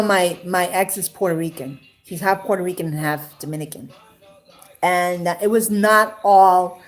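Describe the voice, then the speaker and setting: Emotional, rambling woman from New York. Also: on the low side. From Queens, New York. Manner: rambling, with many fillers and restarts; emotional, close to tears at times. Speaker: interviewee sharing her love life. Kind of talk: casual personal storytelling.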